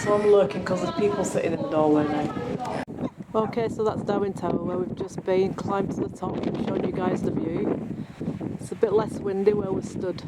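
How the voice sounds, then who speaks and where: A man's voice: sits high, fairly even intonation, normal speed. A man, chatting casually to camera as he explores woods for a paranormal vlog. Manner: chatty, teasing, talks to camera. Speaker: paranormal investigator vlogger. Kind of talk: casual outdoor vlog narration. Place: outdoors on a windy hill and in woods. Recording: faint wind and outdoor noise.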